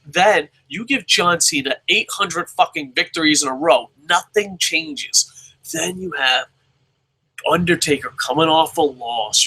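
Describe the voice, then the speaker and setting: A man's voice: a little high, bright, forceful tone, breathy edge, low-quality recording. A man hosting a live-streamed show, chatting casually in a rambling, profane, self-mocking way. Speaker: show host.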